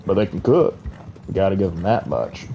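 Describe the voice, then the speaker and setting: A man's voice: deep voice, big pitch swings, normal speed, creaky, mellow, a little hiss or hum. A man, chatting and rambling as he streams a game, laughing often. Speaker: gaming streamer. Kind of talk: casual live-stream commentary.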